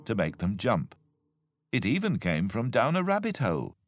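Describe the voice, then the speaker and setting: A man reading a children's storybook aloud, slow and expressive. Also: on the low side, no echo, clean studio sound. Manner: slow, animated, expressive read. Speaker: storybook narrator.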